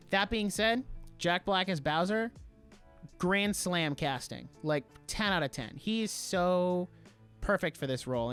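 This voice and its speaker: A young man co-hosting a podcast, talking casually and defending his opinions with animated emphasis. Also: fairly high pitch, smooth. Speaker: podcast co-host.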